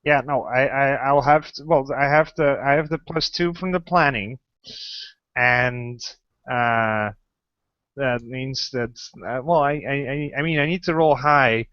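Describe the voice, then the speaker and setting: A man's voice: mid-range voice, unhurried, no echo, highs cut off. A man playing a tabletop game, talking hesitantly with many stammers. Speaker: player. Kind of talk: casual game play talk.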